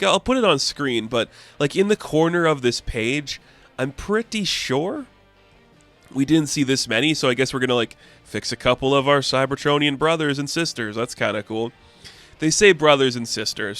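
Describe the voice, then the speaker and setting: A man talks through a comic book in a loose, rambling way, leaning on fillers as he goes. He slips into quick put-on voices for the characters now and then, over his middle-pitched everyday voice. Faint music plays underneath. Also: fairly bright tone. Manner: rambling, full of "like" fillers, playfully acts out characters' lines. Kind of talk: casual comic recap.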